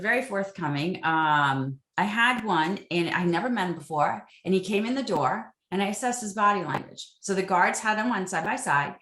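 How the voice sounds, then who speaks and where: In a roomy-sounding recording, a woman with a mid-range voice recounts stories as interview answers. Once a military interrogator, she animatedly performs the quoted back-and-forth exchanges.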